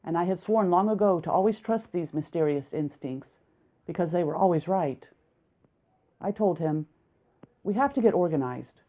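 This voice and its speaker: A woman with a lowish voice reads a first-person story aloud, steady and reflective. The recording is narrow and tinny, like a phone line. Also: moderate pace. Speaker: audiobook narrator. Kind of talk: audiobook narration of a first-person male narrator.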